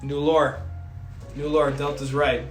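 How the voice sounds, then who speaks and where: Soft background music plays in a reverberant room as a slightly sick man casually reads his livestream chat aloud, rambling, cursing, and making jokey asides. His voice is a little high, level in tone, and slow.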